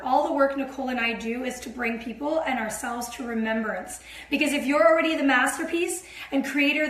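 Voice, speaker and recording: A high-pitched woman gives an earnest, affirming spiritual talk straight to her listeners. The sound carries a roomy echo. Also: a little hiss or hum. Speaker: co-host of a spiritual sermon. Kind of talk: livestreamed spiritual sermon.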